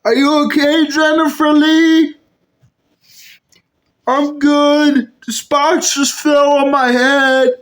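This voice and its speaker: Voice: high-pitched, flat delivery, slow pace, a bit bright. A puppet video maker performing every character in a comedy skit, switching between bickering character voices.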